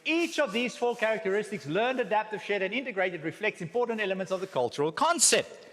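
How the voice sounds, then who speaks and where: Animated South African man in an echoey hall. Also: high-pitched, quick pace. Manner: animated, joking asides and rhetorical questions. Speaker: guest speaker. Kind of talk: church teaching talk with slides. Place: church hall.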